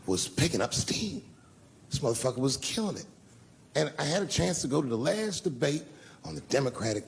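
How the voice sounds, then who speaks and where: A middle-aged man telling a profane, animated story as a stand-up comedian on a live stage. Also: medium pitch, vocal fry. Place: live stage before an audience.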